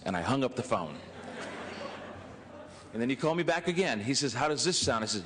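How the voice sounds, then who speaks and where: A man's voice: mid-range voice, animated, fairly quick, pauses often, fairly bright tone. A man speaking on a legislative floor at a podium mic, telling a tribute story and playing out both sides of old conversations. He chuckles between lines and slips into the voices of the people he quotes. His middling voice carries a long reverb off the chamber walls over a faint hum of ambience. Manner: storytelling, acting out dialogue, chuckling. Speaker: state senator. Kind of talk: anecdotal floor speech tribute.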